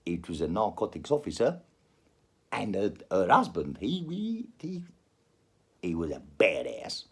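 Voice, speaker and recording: A man's voice: deep voice, huge pitch swings, unhurried, slightly rough. A man hosting his own show, telling a crude story in a rambling comic monologue full of swearing. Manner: crude, swearing, jumps between put-on accents. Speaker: podcast host.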